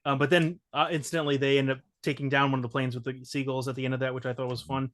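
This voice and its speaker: A man's voice: medium pitch, level tone, fast, a bit bright. A man hosting a casual roundtable movie chat, talking animatedly and acting out quotes from scenes. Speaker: host.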